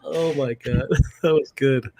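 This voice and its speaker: A man's voice: mid-range voice, steady tone, slow, warm tone, a little hiss or hum. A man co-hosting a casual podcast about a comedy film, laughing often and acting out scenes he quotes. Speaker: podcast co-host. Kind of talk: casual movie chat.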